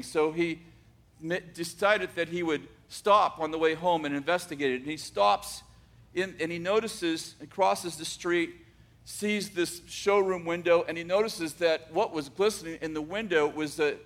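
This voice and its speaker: Guy telling a story out loud, high-ish voice, slow with pauses and restarts. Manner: unhurried, with dramatic pauses and restarts. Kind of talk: oral storytelling.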